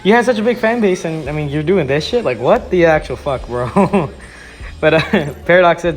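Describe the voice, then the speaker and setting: A man's voice: a little high, expressive, normal speed, faint music behind. A man giving an exasperated ranting commentary on viewer comments, swearing often and restarting his sentences. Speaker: YouTube commentator.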